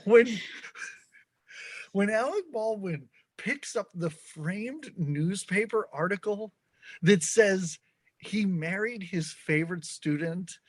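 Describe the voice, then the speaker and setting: Animated man chatting about movies. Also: sits high, no room sound. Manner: animated, laughing, mock-outraged. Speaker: guest podcast host; college professor. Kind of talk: casual podcast chat.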